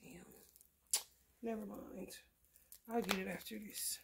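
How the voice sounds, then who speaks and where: A woman's voice: medium pitch, steady tone, slow, creaky, heavy background noise. A woman, talking loosely and profanely in a casual tarot vlog. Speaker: tarot reader.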